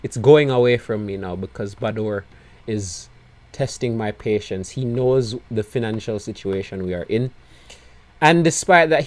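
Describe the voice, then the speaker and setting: A man commentating live on his own gameplay, his voice going hoarse as he swings between low despairing mutters and loud excited outbursts. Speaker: gaming video creator.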